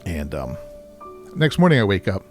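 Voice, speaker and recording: A man candidly telling a personal story in a rambling, halting way, with many restarts and "you know"s. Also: low voice, wildly swooping pitch. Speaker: vlogger sharing a personal story. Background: background music.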